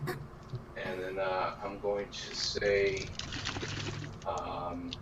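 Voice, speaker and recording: A man's voice: low-pitched, little pitch movement, drawn-out words. A man playing a tabletop game, talking hesitantly and searching for his words. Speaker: player. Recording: roomy, distant, dull and noisy.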